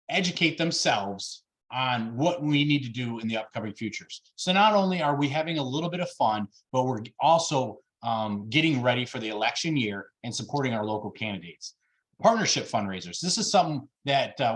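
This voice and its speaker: Emphatic man pitching on a video call. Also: fairly bright tone. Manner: emphatic, gets worked up, many fillers. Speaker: party officer candidate presenting plans.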